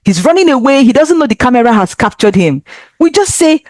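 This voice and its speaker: A woman teaching a children's language lesson, speaking slowly and with careful, encouraging enunciation. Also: fairly high pitch, big pitch swings, darkish tone, no room sound, studio quality.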